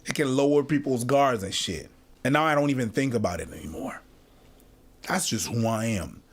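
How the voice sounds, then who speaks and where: A man's voice: medium pitch, animated, normal speed. A man in a casual discussion who speaks bluntly and swears freely, clip played from another video.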